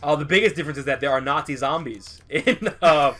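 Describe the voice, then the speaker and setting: Fast, bright-voiced rambling guy. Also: fairly high pitch. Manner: rambling, profane storyteller; animated, acts out voices in anecdotes. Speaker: let's play co-host. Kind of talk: casual gameplay commentary.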